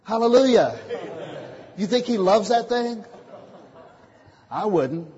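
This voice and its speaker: A man preaching a sermon, calling out questions for the congregation to answer and swinging from quiet asides to loud declarations. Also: high voice, lively intonation, slow, noisy background. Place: church meeting hall. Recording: muffled, echoey hall recording.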